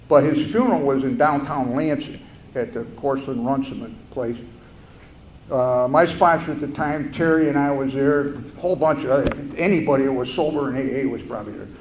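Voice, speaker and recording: An older man telling a personal story at a recovery meeting, halting and reflective, with fillers and restarts. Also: mid-range voice, a little mellow. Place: meeting hall. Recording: echoey room with faint noise.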